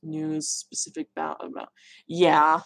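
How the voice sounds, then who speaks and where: This reptile keeper has a deep, gravelly, monotone voice and talks a little slowly. She's chatting casually on a livestream, answering viewers' reptile questions and laughing at words she mispronounces.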